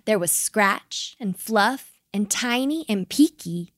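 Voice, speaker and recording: A woman narrating a children's bedtime story, gentle and expressive. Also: mid-range voice, slow, dry recording, clean studio sound.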